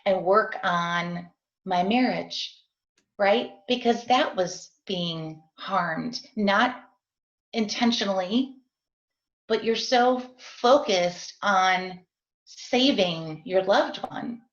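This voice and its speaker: A woman's voice: medium pitch, very slow. Middle-aged woman guest, earnest confessional testimony, video call, echoey room, dull sound. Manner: earnest and confessional, often asks "right?". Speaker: guest sharing her story as a parent. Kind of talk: heartfelt personal testimony in an interview.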